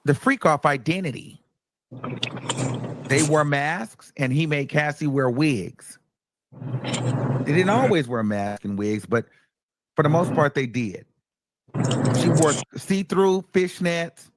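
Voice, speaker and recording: Man, live-stream host, casual recap, animated storyteller, slightly high voice. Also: takes it slowly, long pauses, background noise. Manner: animated storytelling, acts out quotes, chatty with viewers.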